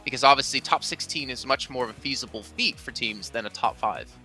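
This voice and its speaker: A man steering an esports analyst desk with quick questions to his co-analysts. His delivery is fast and sharply bright, with faint music underneath. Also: medium pitch. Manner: leads the talk with questions to co-hosts.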